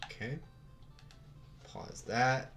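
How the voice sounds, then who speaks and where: A man's voice: very slow, fairly bright tone, faint music behind. A young man from the United States with a Western American accent, chatting casually and swearing while hosting a livestream. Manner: laid-back, swears casually, chuckles often. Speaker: livestream host.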